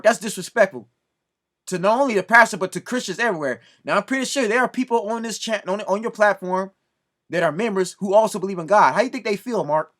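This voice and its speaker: Casting: high-pitched man, preachy scolding video rant. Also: fairly bright tone. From Southern California. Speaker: video commentator. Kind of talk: ranting commentary to camera.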